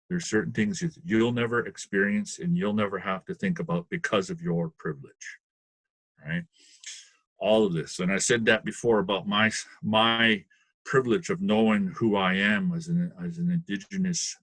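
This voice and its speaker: A man's voice: lowish voice, moderate pace, gravelly, fairly bright tone, slightly rough, no echo. A man on a webinar panel who talks in loose, rambling bursts and keeps checking in with "right?". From Canada. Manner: rambling, often asks "right?", laughs often. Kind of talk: casual panel discussion. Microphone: video call.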